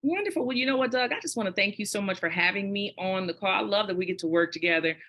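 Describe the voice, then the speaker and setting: Bright, enthusiastic middle-aged woman. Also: mid-range voice, quick pace. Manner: enthusiastic and effusive. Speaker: co-presenter. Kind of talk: casual call chat.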